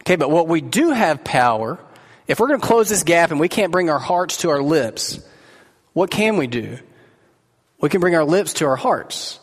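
Male pastor, slightly higher voice, earnest and conversational sermon, echoey hall. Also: very animated, normal speed, breathy edge. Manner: conversational and earnest, asks the listeners direct questions.

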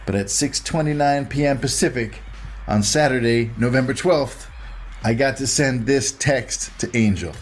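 A man's voice: fairly low pitch, slight background noise. Emotional man recapping election wins. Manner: emotional, laughing, enthusiastic. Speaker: moderator and host. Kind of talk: scripted recap then casual introduction.

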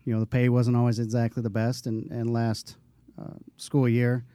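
A man's voice: medium pitch, completely flat delivery, normal speed, mellow, no room sound. A man co-hosting a casual podcast, talking in a rambling way with many fillers. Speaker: podcast co-host, bus driver.

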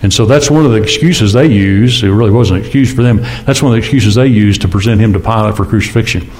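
Low-voiced preacher, chatty and rhetorical. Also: male voice, fast, darkish tone. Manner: conversational, with rhetorical questions and sudden rises in pitch. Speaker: pastor. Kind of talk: sermon.

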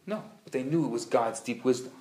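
A man teaching a live class, an animated, playful storyteller who acts out the dialogue. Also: mid-range voice, fairly quick. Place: classroom at a community center. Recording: roomy live room sound.

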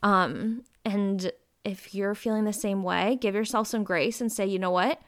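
Young woman, mid-pitched, smooth clear voice, casual confessional chat, podcast host. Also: measured pace. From Ohio. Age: 20s. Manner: chatty, open and confessional, with lively bursts of emphasis.

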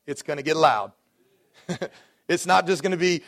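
A man in his forties preaching with fervor in a high, ringing voice. He builds to loud declarations and then drops into easygoing, chatty stories about his own life. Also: moderate pace. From Dallas, Texas. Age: 40s. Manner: preaching with rising fervor and warm asides. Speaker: pastor. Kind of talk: sermon.

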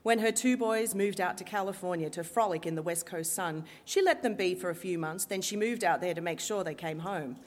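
A woman stage performer tells a story live, lively and wry, leaning on dramatic pauses. Her voice sits on the low side, with a long hall reverb around it.

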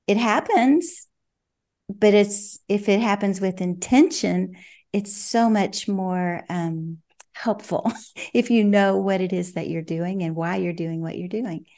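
Gravelly older woman, thoughtful. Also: mid-range voice, a little mellow. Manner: reflective, measured, many "you know" fillers. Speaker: parenting coach, guest. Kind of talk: podcast interview answers.

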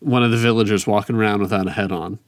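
A man's voice: on the low side, steady tone, fast, no echo. A man co-hosting a casual video game podcast, eagerly sharing trivia facts. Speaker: podcast co-host. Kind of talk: casual gaming chat.

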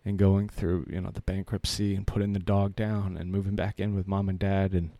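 A man's voice: sits low, little pitch movement, a little fast, mellow, no room sound. A man in his thirties telling a personal story in a casual, earnest way, rambling with many fillers and restarts.

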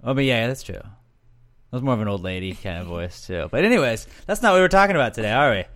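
A man's voice: mid-range voice, sing-song, fast talker, a bit bright. A young man co-hosting a casual podcast, joking and rambling, often correcting himself mid-sentence. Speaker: podcast co-host.

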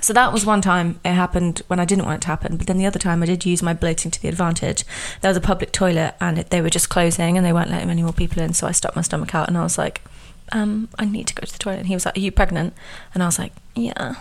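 A woman's voice: fairly low pitch, level tone, very fast, gravelly, few pauses. A young woman, hosting her podcast in a chatty storytelling way, full of "like" and "um". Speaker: podcast host. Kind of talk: casual chat.

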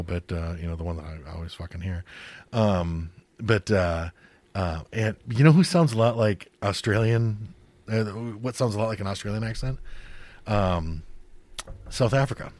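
A man with a fairly low voice co-hosts a podcast in loose conversation. He rambles, leans on fillers, and swears casually. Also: normal speed, a little mellow. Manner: rambling, profane, many fillers. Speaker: podcast co-host. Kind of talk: casual chat.

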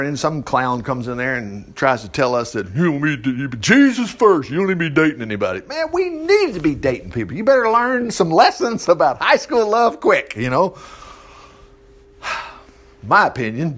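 Male Bible teacher, fairly high and very animated voice, informal read-and-comment delivery. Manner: chatty, exclaims often, laughs and loses his place.

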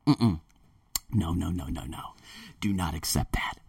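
A man speaks in an emphatic, animated monologue, and his pitch rises and falls a lot. He often repeats phrases as he talks. The sound is dry, with no room echo, but he sits a little back from the microphone. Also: measured pace, creaky, slightly rough, far from the mic. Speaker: vlogger. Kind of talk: casual monologue to camera. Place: Thailand.

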